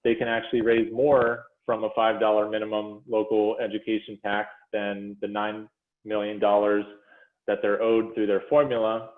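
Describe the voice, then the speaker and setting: A man presenting figures to a commission in a measured, explanatory way, with frequent fillers and self-corrections, speaking over a video call. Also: lowish voice, little pitch movement. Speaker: presenter to a school funding commission. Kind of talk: policy presentation walking through slides. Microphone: video call audio. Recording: phone-like echoey video call audio.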